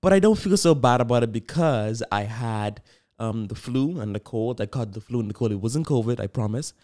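A man's voice: mid-range voice, lively intonation, moderate pace, warm tone. A young man hosting his own podcast, talking to listeners in an upbeat, chatty and rambling way. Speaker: podcast host. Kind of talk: casual solo podcast chat.

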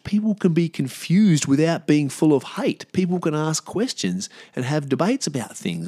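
A man with an Australian accent, hosting a podcast in a casual monologue, blunt and profane, his pitch and volume jumping up when he gets worked up. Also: very animated, normal speed, few pauses. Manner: profane, heated and blunt, with sudden rises in pitch and loudness. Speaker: podcast host.

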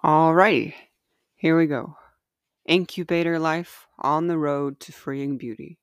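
A woman hosting a podcast and reading aloud from her own book in a gentle, measured, heartfelt way. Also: deep voice, fairly even intonation, no room sound, studio quality. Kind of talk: slow, earnest reading of personal writing.

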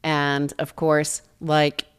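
Chatty low-voiced American woman. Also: completely flat delivery, extremely slow, clean tone. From United States. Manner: chatty, laughs easily, many fillers. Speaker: show co-host. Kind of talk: casual podcast chat.

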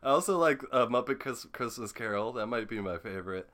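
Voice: mid-range voice, animated, fairly quick, fairly bright tone. A podcast host in casual comedic interview mode, loose and joking, giggling often.

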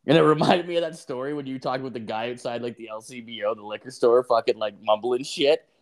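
A man's voice: medium pitch, quick pace. A man co-hosting a podcast, telling a long story in casual chat, full of swearing and filler words. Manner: rambling profane storytelling, heavy filler. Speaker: podcast co-host.

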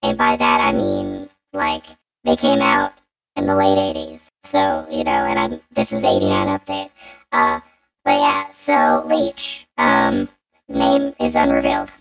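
A man's voice: extremely low pitch, big pitch swings, unhurried, gravelly, a bit bright, low-quality recording. A man hosting a podcast through a robotic voice changer, chatty and hesitant with many fillers. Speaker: podcast host. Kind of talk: casual podcast chat. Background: music.

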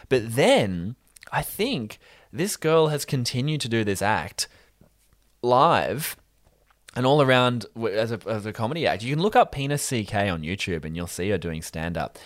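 A man's voice: normal speed, no echo, studio quality. A young man chatting on a podcast, telling stories with swearing and mocking voices. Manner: animated storyteller, swearing, bursts into high mocking voices. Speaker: podcast co-host. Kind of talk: casual chat.

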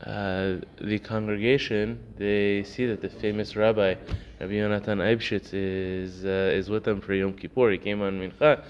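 A man with a lowish, steady voice talks at a normal speed, barely pausing. He's leading a casual Torah class, telling stories packed with fillers and voicing the characters. Faint noise sits beneath the dull, lo-fi audio.

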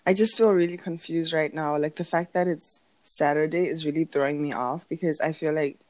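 A young woman chats loosely on her podcast in a low, drowsy morning voice. She rambles through her week with frequent laughs. The sound is close and dry, with no room around it. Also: steady tone, fairly quick, a little mellow, dry recording. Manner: chatty, rambling, laughs often. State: sleepy morning voice. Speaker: podcast co-host. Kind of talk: casual chat.

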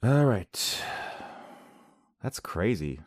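A man with a very deep voice reads odd news stories aloud and reacts to them. His talk is sarcastic and wanders into rambling asides. The recording is dry and close, with no room sound. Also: big pitch swings, extremely slow, no echo. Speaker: video host. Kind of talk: reading and reacting to weird news.

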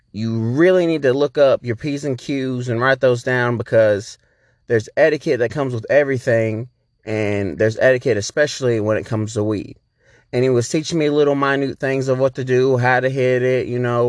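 A man's voice: mid-range voice, a little mellow, no echo, clean studio sound. A man hosting a podcast, telling a rambling, profane story in a laid-back, casual way. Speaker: podcast host.

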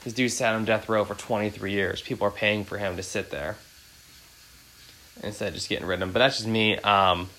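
A man's voice: on the low side, steady tone, brisk, pushed and bright, a little hiss or hum, low-quality recording. A man in his thirties hosting a podcast, chatting casually and rambling with many fillers. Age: 30s. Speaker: podcast host.

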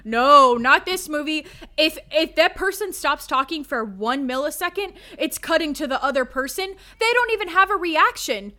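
A woman's voice: sits high, lively intonation, normal speed, few pauses, sharp tone. A woman co-hosting a casual podcast chat, ranting bluntly and profanely. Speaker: podcast co-host.

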